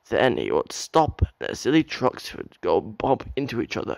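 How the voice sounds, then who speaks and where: A man's voice: medium pitch, very animated, normal speed, creaky, dry recording. A young man reading a children's railway story aloud as an amateur narrator, with occasional slips.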